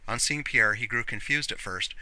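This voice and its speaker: A man reading a novel aloud as an audiobook narrator in an earnest, measured way. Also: mid-range voice, pushed and bright, no room sound, low-quality recording.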